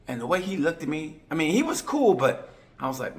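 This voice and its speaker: A man from Oklahoma with an Oklahoma accent, giving a rambling, jokey race review with sudden loud bursts. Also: fairly high pitch, sing-song, fairly quick, a little hiss or hum. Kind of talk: comedic sports commentary.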